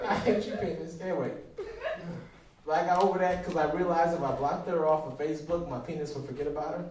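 A man doing a stand-up routine, telling a loud, animated story and mocking other people in put-on voices. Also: on the high side, quick pace. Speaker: stand-up comedian. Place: comedy club stage. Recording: echoey room, far mic, crowd. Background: audience laughter.

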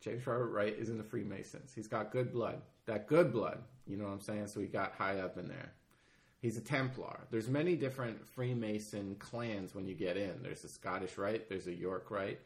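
A man's voice: fairly low pitch, moderate pace. A man hosting a casual podcast, talking loosely and rambling, with plenty of swearing. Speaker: podcast host.

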